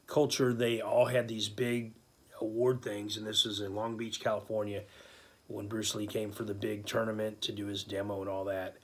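Husky man telling an animated anecdote. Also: lowish voice. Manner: animated, acts out quotes, many fillers. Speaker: storyteller. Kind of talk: casual spoken anecdote.

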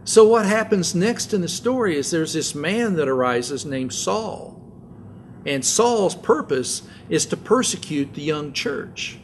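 An older man preaching a sermon as pastor, telling stories in a relaxed conversational way with asides. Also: a little high, measured pace, a little hiss or hum.

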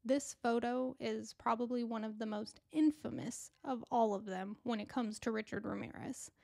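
A woman's voice: fairly high pitch, fairly even intonation, normal speed, gravelly, darkish tone, dry recording, studio quality. A woman hosting a true crime podcast, narrating in a chatty, casual way with asides to her listeners. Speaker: podcast host.

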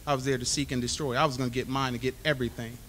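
A man delivers a hall of fame acceptance speech, telling his stories with lively acted-out dialogue. His voice is bright and forceful. A faint low rumble sits behind him. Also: racing. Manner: animated storyteller acting out dialogue. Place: banquet hall.

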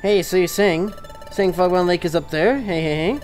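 A gamer voicing a brash, excitable crab creature that keeps repeating "hey, hey.". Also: mid-range voice, normal speed, soft background music, close to an everyday voice. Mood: excited.

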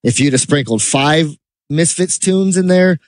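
A man co-hosting a casual podcast chat, telling rambling, animated stories with laughs. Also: a little high, unhurried, dry recording. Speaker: podcast co-host.

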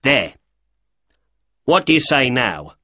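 A man voicing an angry male shopkeeper in a storybook reading, gruff and shouting. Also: medium pitch, very animated, slow pace, dry recording, studio quality, exaggerated voice.

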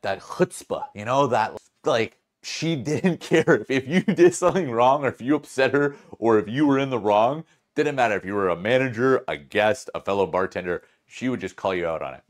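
A man hosting a podcast and telling a story casually, with an animated, rambling delivery full of self-corrections. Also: medium pitch. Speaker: podcast host.

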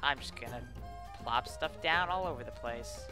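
A man giving excited, playful gameplay commentary on a let's play, taunting his opponent and shouting when things happen. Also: medium pitch, moderate pace, over music. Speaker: gamer doing a let's play.

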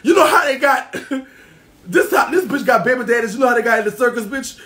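A man's voice: extremely high pitch, animated, fairly quick, bright, forceful tone. A man ranting a brash, boastful comedic roast, swearing constantly and laughing often. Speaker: internet personality doing a roast. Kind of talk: profane comedic roast rant.

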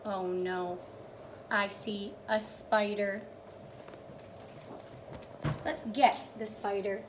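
A young woman teacher reads a picture book to small children against background noise, in a medium-pitched voice with little pitch movement. She is sing-song and encouraging, praising each step, drawing out the story, and acting out animal sounds.

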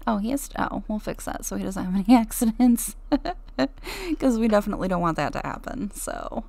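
A young adult woman hosting a life-sim Let's Play, chatting excitably and giggling as she plays. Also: medium pitch, brisk, creaky, no echo. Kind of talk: game commentary.

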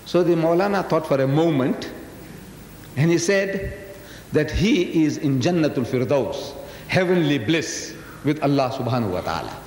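An expressive man in his seventies, slightly mellow and speaking at normal speed, tells a story in a public lecture and drives it with emphatic rhetorical questions. It's recorded in a large, echoey hall with a faint rumble.

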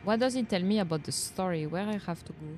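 A young Frenchwoman streams a video game and chats casually with her viewers, giggling often and reacting out loud. Her voice sits lowish and a little mellow, she talks quickly, and there's slight background noise.

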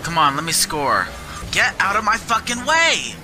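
A man's voice: high voice, huge pitch swings, normal speed. A man giving gameplay commentary, ranting angrily and cursing constantly at his teammates and the game. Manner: angry profane ranting, frequent cursing. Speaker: gamer. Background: game music.

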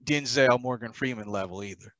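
A man's voice: medium pitch, a little fast, a bit bright, no echo, muffled recording. A man co-hosting a podcast, teasing his co-host with dry, blunt remarks during casual banter.

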